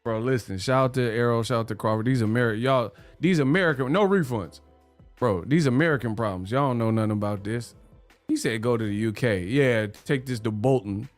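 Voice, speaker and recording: A man hosting a boxing livestream, talking in animated slang and laughing often. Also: mid-range voice, fairly quick, dry recording, faint music behind. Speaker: boxing channel host. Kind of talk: livestream commentary.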